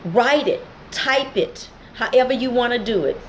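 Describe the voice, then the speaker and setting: A woman's voice: fairly high pitch, lively intonation, moderate pace, a little hiss or hum, poor audio. Emotional woman telling a personal story. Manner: emotional, direct address to viewers. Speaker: channel host. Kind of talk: personal testimony vlog.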